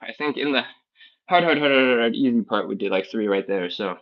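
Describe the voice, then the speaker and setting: A man's voice: mid-range voice, brisk. A man leading a live stretching class, counting down reps, coaching and joking, with sighs between sets. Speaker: fitness instructor. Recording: slightly dull lo-fi stream audio.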